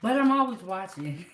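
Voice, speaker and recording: A woman's voice: mid-range voice, fairly bright tone, a little hiss or hum. A woman hosting a live home cooking show, chatting casually to her viewers from her kitchen. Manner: chatty, talks straight to viewers.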